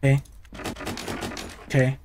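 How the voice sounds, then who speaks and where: A gaming YouTuber plays a horror game, talking to himself in nervous, jumpy commentary. He speaks slowly, and there's background noise.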